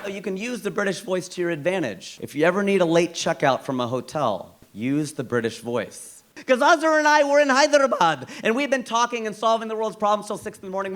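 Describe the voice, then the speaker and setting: A man performing stand-up comedy. His voice sits high and swings widely in pitch. He delivers his punchlines with animated, incredulous emphasis. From United States.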